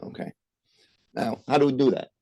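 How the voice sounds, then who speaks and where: A man's voice: medium pitch, steady tone, moderate pace, mellow, no echo. A man giving a virtual medical lecture, explaining step by step with frequent "uh" and "right?" checks. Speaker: physician lecturer. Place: remote presentation over a call.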